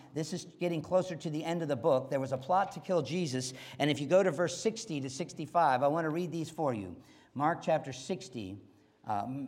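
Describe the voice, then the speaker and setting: Emphatic male preacher, slightly high voice, drops from loud to hushed for effect. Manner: emphatic, repeating key phrases, swinging between loud and quiet. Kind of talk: sermon.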